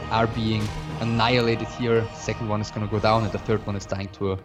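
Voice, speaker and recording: A man with a fairly low voice breaks down a strategy game match, thinking aloud and often pausing with fillers. Clear background music plays under him the whole time. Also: little pitch movement. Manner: analytical, hesitant with fillers. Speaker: esports co-commentator. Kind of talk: casual game commentary.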